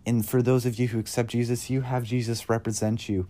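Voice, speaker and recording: A man earnestly sharing his Christian faith in a casual testimony, halting often with fillers. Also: medium pitch, flat delivery, mellow.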